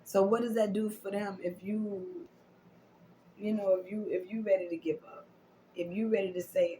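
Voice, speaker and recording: An emotional woman, a tarot and oracle card reader, gives a spiritual reading that is affirming and repetitive, sometimes dropping to whispers. Her mid-range, slightly mellow voice has fairly even intonation at normal speed, and the rough recording carries a little hiss or hum.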